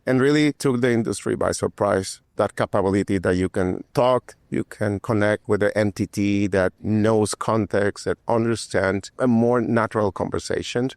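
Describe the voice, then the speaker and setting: A man who is a technologist answers interview questions and explains things patiently, often repeating his phrasing. His voice is low and gravelly, and the recording is close and dry. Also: darkish tone, no echo. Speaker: guest technologist.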